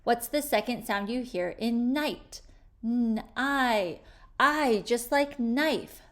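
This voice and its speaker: A woman leads a children's phonics lesson at an unhurried pace, sounding out each word clearly and patiently. Her voice sits a little high for a woman. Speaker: teacher.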